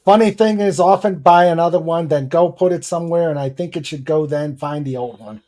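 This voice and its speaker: A man's voice: fairly high pitch, mellow. A man hosting a casual live talk show, reading viewer comments aloud. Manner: unhurried, reads comments aloud. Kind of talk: casual livestream chat.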